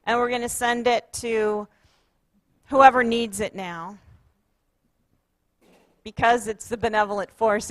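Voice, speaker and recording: A woman's voice: medium pitch, no echo. A woman pastor preaching a sermon, encouraging her congregation and leading them in repeated chanted affirmations. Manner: warm, encouraging, leads call-and-response chanting. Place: church sanctuary.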